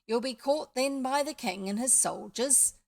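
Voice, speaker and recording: A woman's voice: high-pitched, a little slow, creaky, a little mellow. A woman voicing an old witch who serves as the children's nurse. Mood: warning.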